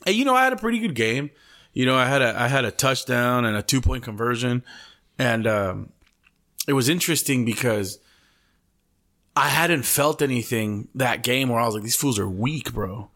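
Young male podcast co-host, mid-pitched, rambling and profane, heavy on "bro", sprinkles in Spanish slang. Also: animated, normal speed, bright, forceful tone. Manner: mixes Spanish slang into English. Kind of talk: casual chat.

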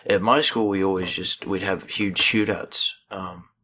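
A man with a very low voice that still has a bright, forceful edge, chatting casually. He mostly answers in short replies and drops dry, deadpan jokes without changing his tone. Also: unhurried. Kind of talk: casual chat.

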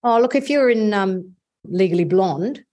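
Woman, voice teacher, panel chat, animated, restarts sentences, dark mellow tone. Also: medium pitch, normal speed. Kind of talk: casual panel discussion.

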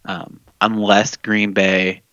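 A man's voice: lowish voice, little pitch movement, takes it slowly, sharp tone, no room sound, dull audio. A man co-hosting a podcast, chatting casually and easygoing, with fillers and frequent laughs. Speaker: podcast co-host. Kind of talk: casual fantasy football chat.

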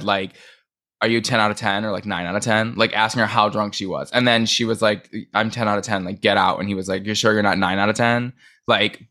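A man co-hosting a podcast, recapping a reality show in fast, animated casual chat full of filler words. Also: lowish voice. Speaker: podcast co-host.

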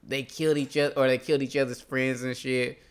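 A lively man trading jokes as a podcast co-host, quick to laugh and curse. His voice is smooth and resonant at a middling pitch. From North Carolina. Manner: animated, joking, swears freely, laughs often. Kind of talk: casual chat.

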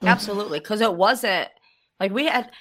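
A woman guest recounting a paranormal investigation in a casual interview, animated and laughing as she tells it. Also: medium pitch, normal speed, a little hiss or hum.

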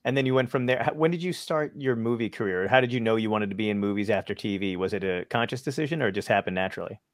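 A man's voice: on the low side, racing, no room sound. A man hosting an interview, asking chatty questions and laughing along with his guest. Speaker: podcast host. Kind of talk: interview chat.

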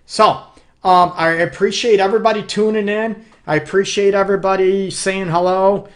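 A man's voice: sits high, steady tone, normal speed. A man hosting a live relationship advice show as a counselor. He talks emphatically and keeps checking in with his listeners. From Detroit area. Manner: emphatic, keeps checking in with "okay?" and "you know what".

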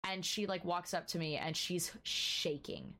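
A woman co-hosting a podcast, telling a story in a casual, animated way and filling her speech with "like". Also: on the low side, measured pace. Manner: animated storyteller, heavy use of "like", acts out dialogue. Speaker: podcast co-host.

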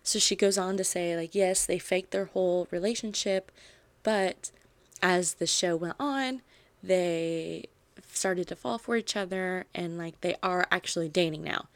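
A woman hosting a book podcast, retelling a novel's plot in a chatty, animated way with lots of "like" fillers. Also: lowish voice, measured pace, dry recording. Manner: animated storytelling, frequent "like" fillers.

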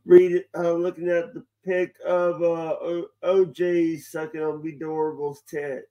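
Slow-talking, higher-voiced man. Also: little pitch movement, warm tone, muffled recording. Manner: hesitant and halting. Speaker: guest podcaster. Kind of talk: casual chat.

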